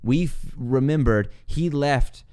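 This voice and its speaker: A young man hosting a podcast, telling a long personal story in a casual, animated way, laughing often and acting out what he said back then. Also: mid-range voice, slow, smooth. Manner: animated, laughs often, acts out his own past lines. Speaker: podcast host.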